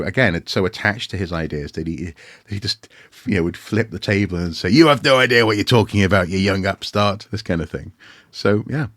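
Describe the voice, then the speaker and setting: A man's voice: sits low, fairly bright tone, no echo, clean studio sound. A man co-hosting a casual podcast, telling a rambling, self-mocking story with lots of restarts. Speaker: podcast co-host. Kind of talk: casual anecdotal chat.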